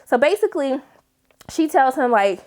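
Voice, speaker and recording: A young woman talks through a TV episode in a loose, sassy style, cursing freely and throwing herself into the characters' lines. Her voice sits high and swings widely in pitch. She keeps the energy up the whole way through. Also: moderate pace. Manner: animated, sassy, swears a lot, does voices for characters. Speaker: TV episode recap vlogger. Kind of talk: casual recap with acted-out quotes.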